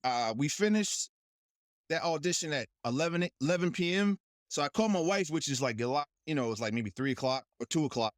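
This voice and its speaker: A guest actor chats casually and tells a story fast, his fairly high male voice captured in studio quality with no room sound. Lively throughout, he laughs often and imitates the people he quotes.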